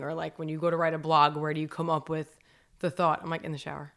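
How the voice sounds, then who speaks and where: A woman's voice: low-pitched, little pitch movement, fast. A woman in her thirties in casual podcast chat, telling stories and saying "like" often. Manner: chatty, storytelling, says "like" a lot.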